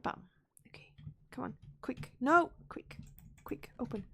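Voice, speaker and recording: Female streamer, higher voice, playful running commentary with whispered asides. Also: animated, measured pace, creaky. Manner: playful, chatty self-talk while playing; repeats words and whispers asides. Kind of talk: live gameplay commentary.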